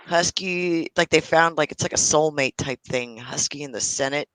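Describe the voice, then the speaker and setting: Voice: mid-range voice, moderate pace, fairly bright tone, no room sound, low-quality recording. A co-host on a casual online talk show who laughs often and jokes. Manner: giggly, joking. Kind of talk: casual chat.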